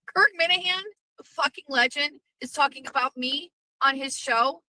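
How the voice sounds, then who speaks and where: A middle-aged woman hosting a podcast, ranting brashly with lots of swearing and animated storytelling. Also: high voice, normal speed, no echo, low-quality recording. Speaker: podcast host. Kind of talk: profane livestream rant.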